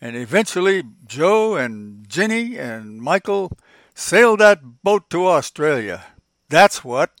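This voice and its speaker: A man's voice: a little high, sing-song, slow, a bit bright, no echo, studio quality. An older man hosting a podcast, telling old stories in a folksy, reminiscing way and chuckling often as he goes. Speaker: podcast host. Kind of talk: casual reminiscing storytelling.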